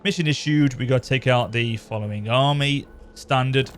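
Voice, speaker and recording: A man's voice: mid-range voice, moderate pace, slight background noise. A man giving casual, rambling commentary over a strategy game. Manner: chatty, rambling, self-correcting. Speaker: gaming channel host. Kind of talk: casual let's-play commentary.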